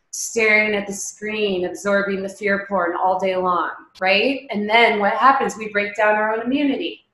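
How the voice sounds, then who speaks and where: A woman's voice: mid-range voice, a bit bright, echoey room, rough recording. A woman teaching a meditation class, talking casually and emphatically, with lots of rhetorical questions. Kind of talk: casual spoken talk before a guided meditation.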